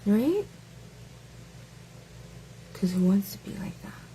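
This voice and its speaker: A woman's voice: on the low side, slow, long pauses, warm tone, slight background noise, poor audio. A woman hosting a casual live stream who mocks her target with taunting rhetorical questions, stretching out words as she goes.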